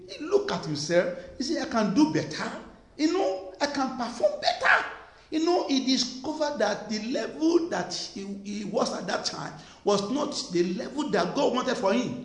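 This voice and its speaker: A man's voice: high voice, darkish tone. A male preacher delivering an emphatic sermon, repeating his points and firing rhetorical questions at the congregation. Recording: echoey room.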